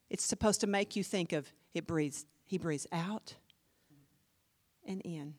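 A woman pastor preaching a sermon in an animated, emphatic way, speaking directly to her congregation. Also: mid-range voice, moderate pace.

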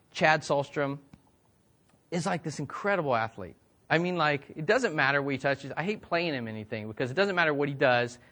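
Guy pastor, fairly high voice, chatty sermon, lots of "okay?" and restarts. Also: a bit bright. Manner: conversational, repeats words, asks the crowd questions.

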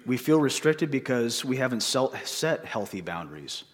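A man's voice: mid-range voice, sing-song, moderate pace. Male pastor, conversational sermon delivery, rhetorical questions, mid-range voice. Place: church.

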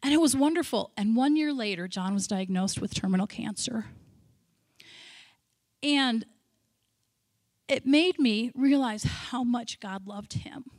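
A woman missionary giving a sermon, telling stories with feeling, breaking into shouted praise and chatty asides. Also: a little high, measured pace, long pauses, no room sound, studio quality. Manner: emotional storytelling, bursts into loud shouted praise; chatty, self-interrupting asides. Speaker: missionary speaker.

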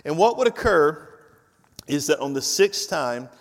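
A man preaching a sermon with emphatic, repetitive delivery that builds to loud climaxes, with casual asides to the congregation and the slide operator. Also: fairly high pitch, animated, unhurried. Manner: informal asides to the congregation and tech team. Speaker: pastor. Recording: long reverb of a large hall.

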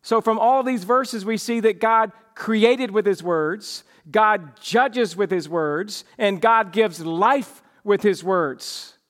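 A man's voice: sits high, slow, few pauses, fairly bright tone. A man preaching a morning sermon as pastor, emphatic and shifting his pace for effect.

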